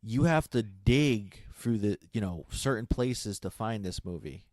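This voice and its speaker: A man's voice: on the low side, lively intonation, measured pace, a little mellow, dry recording. A man in casual chat, rambling with lots of fillers and restarts. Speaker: guest on a comic stream.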